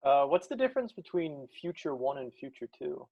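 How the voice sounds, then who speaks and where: A man's voice: on the high side, big pitch swings, a little fast, vocal fry. Young man asking over a tinny line. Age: young adult. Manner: tentative questions. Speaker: student.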